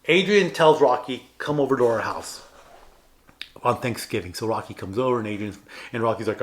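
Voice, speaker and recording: A man's voice: mid-range voice, expressive, fairly quick. Earnest man retelling film scenes. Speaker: podcast co-host. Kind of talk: casual chat.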